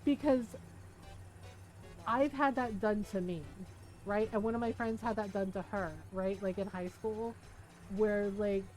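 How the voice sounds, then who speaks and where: Chatty high-voiced woman streamer. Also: rough recording. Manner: chatty, animated, swears freely. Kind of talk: casual gameplay commentary.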